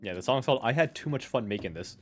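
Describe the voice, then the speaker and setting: A man's voice: medium pitch, animated, fast talker, faint music behind. Stammering young male game streamer. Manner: rambling, stammering, self-mocking. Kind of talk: casual live game commentary.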